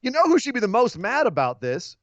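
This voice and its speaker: A man's voice: very high voice, wildly swooping pitch, brisk, a bit bright, no echo, muffled recording. A man co-hosting a wrestling podcast, sarcastic and profane, slipping into mocking impressions as he recaps. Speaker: podcast co-host. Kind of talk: casual wrestling podcast chat. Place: home studio in Los Angeles.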